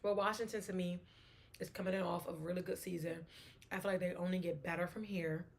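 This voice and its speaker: A woman's voice: lowish voice, fairly even intonation, quick pace, vocal fry. A woman hosting a casual solo sports talk show, chatting and thinking aloud, often restarting her sentences.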